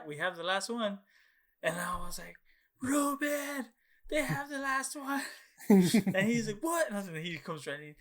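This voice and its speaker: A man's voice: a little high, bright, forceful tone. A young man co-hosting a casual podcast, telling a long rambling story full of fillers and swearing and acting out his own past reactions. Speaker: podcast co-host. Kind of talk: casual chat.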